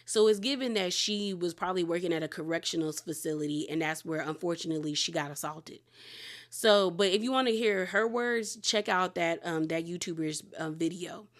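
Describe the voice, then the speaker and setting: A woman's voice: fairly low pitch, brisk. A woman hosting a casual reality TV recap, talking in a candid, outspoken way with gossipy asides. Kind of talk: casual spoken recap and commentary.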